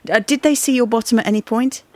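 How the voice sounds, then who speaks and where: A woman's voice: on the high side, darkish tone, no room sound. A woman hosting a comedy podcast, playfully teasing a caller and laughing often. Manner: playful, giggly, quick to tease. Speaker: podcast host. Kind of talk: comic chat with a caller.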